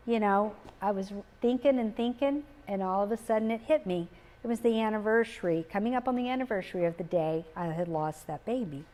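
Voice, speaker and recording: A middle-aged woman, giving a gentle, reflective talk on grief, pausing often and repeating key phrases. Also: medium pitch. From Texas. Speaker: speaker on grief. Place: live talk in a community setting.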